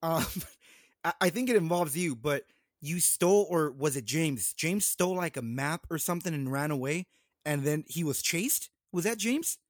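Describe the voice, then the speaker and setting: Young male podcast host, excitable, stumbles and repeats, fairly high voice, dry sound. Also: moderate pace, no echo. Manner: excitable, repeats words, laughs a lot. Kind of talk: casual podcast chat.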